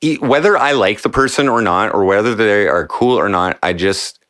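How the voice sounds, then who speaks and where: Podcast host, male, low and animated, stumbles over words, dry sound. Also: moderate pace, no room sound. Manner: stammering, restarts a lot, jokey. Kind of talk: casual livestream chat.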